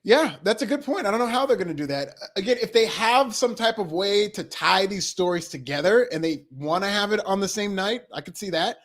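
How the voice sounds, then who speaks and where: A man's voice: high voice, expressive, brisk, hardly any pauses, a bit bright. A man co-hosting a wrestling podcast in casual chat, enthusiastic and laughing often. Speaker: podcast co-host.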